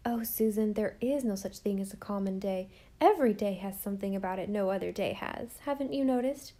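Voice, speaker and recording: Woman reading as a gentle young mother. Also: mid-range voice, a little fast, lightly acted. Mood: tender. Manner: gentle, affectionate.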